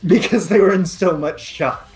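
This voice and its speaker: A man tells a crude tabletop gaming story in a casual, laughing way. His voice sits a little high, with faint music underneath. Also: moderate pace. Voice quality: crude, laughing while telling stories.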